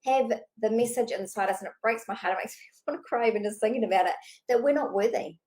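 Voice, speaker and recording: Woman business coach, slightly high voice, rapid animated unscripted delivery, casual and cheeky. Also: poor audio. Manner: fast-talking, animated, casual with swearing. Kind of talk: unscripted direct-to-camera coaching talk.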